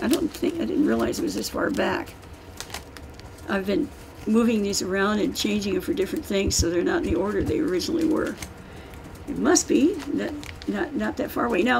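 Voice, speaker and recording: A woman's voice: mid-range voice, creaky, a little hiss or hum, low-quality recording. An older woman, an author, talking casually and emphatically to an audience, rambling and restarting as she goes. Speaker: author giving a book-signing talk.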